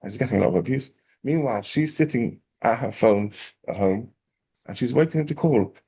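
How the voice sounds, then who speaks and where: A man, a rabbi telling a parable in a lively storytelling class. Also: mid-range voice, fairly quick, breathy edge. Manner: animated storyteller, acting out quotes.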